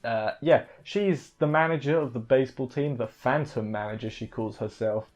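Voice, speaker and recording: A man's voice: mid-range voice, normal speed, a little mellow. A man casually reviewing an anime episode, rambling off the cuff and correcting himself as he goes.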